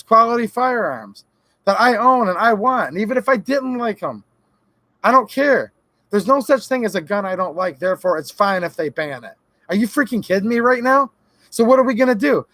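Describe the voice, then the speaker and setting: A high-voiced man rants heatedly into a close microphone during a live stream. His sarcasm runs through everything, and he mocks the voices of the people he argues against. The room sounds dry and dead. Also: bright, forceful tone, no room sound. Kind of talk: ranting live-stream talk.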